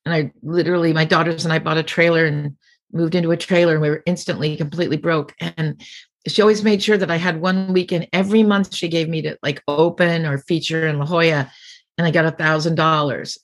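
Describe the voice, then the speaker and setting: A middle-aged woman comedian, interviewed as a guest, speaks in a low, steady, brisk voice. She tells rambling anecdotes and acts out the people she quotes in this casual storytelling interview.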